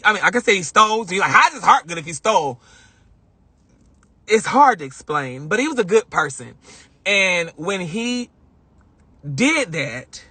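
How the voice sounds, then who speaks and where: High, bright-voiced man pouring his heart out. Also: slightly rough, dry recording. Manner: heartfelt, rambling, repeats himself. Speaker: vlogger. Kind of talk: emotional live-stream monologue. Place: in a car. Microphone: phone.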